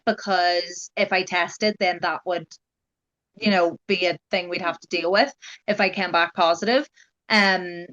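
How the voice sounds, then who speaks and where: A woman's voice: mid-range voice, fairly bright tone, highs cut off. A young adult woman, telling her story as a guest in a casual, chatty way, full of "like" and "you know". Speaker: guest sharing her genetic testing experience.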